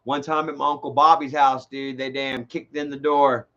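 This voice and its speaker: A man's voice: medium pitch, normal speed. A man telling rambling, profane stories on a casual livestream. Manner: rambling, profane, animated storytelling. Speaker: livestream host. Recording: dull lo-fi stream audio.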